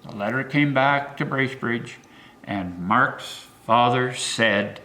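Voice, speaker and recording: An older man, a local historian, telling pioneer history as a lively storyteller who swoops his pitch for emphasis. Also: takes it slowly.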